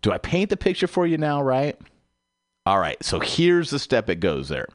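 A man hosting a radio comedy show, delivering a mock infomercial rant with a salesman-like pitch and big swooping emphasis. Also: wildly swooping pitch, moderate pace, no room sound, clean studio sound. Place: radio studio.

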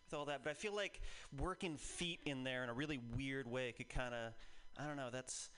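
Bright, wry man in his twenties doing stand-up. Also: medium pitch, a little fast. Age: 20s. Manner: wry and self-mocking. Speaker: stand-up comedian. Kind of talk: stand-up set.

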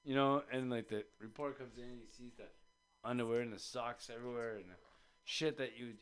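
A man's voice: medium pitch, fairly even intonation, brisk, clean tone, faint music behind. A man casually telling a long, rambling story on a radio show, swearing freely and slipping into voices for the people in his story. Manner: rambling, profane, acts out voices in his stories.

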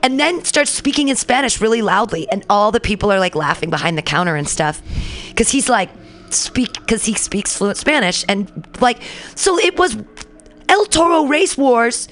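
A woman hosting a talk radio show spins a story in a loose, rambling way, with "like" in nearly every line. She slips into the voices of the people she describes, and her pitch sits at an ordinary middle height. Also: lively intonation, normal speed, fairly bright tone. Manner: chatty, rambling, heavy use of "like", acts out quoted people.

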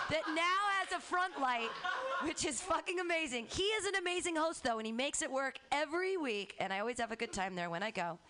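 A woman hosting a comedy open mic, introducing comedians with upbeat, jokey patter. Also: high-pitched. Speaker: comedy show host. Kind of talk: emceeing a comedy show. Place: comedy club stage. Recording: faint background noise.

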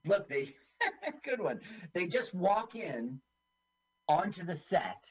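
Man, casual watch-along chat, playful, slightly high voice, muffled lo-fi audio. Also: very animated, takes it slowly, breathy edge. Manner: playful, doing silly put-on voices. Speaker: podcast co-host.

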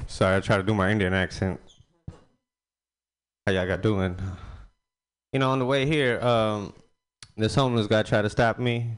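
A man doing stand-up comedy, telling a story in a relaxed way. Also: on the low side, normal speed, pauses often, smooth, faint music behind.

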